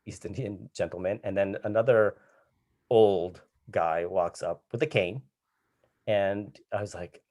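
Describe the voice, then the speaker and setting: A man telling a comic anecdote on a virtual show, animated, acting out voices and laughing as he goes. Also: low-pitched, unhurried. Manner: animated, acts out voices and laughs mid-story. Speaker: comedian guest. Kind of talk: storytelling anecdote. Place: home video call.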